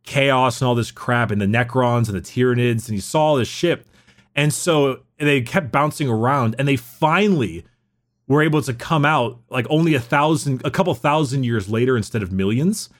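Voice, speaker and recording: A man's voice: medium pitch, moderate pace. A man co-hosting a podcast in casual chat, rambling, swearing freely and saying "like" a lot. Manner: rambling, swears, heavy use of "like". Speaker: podcast co-host.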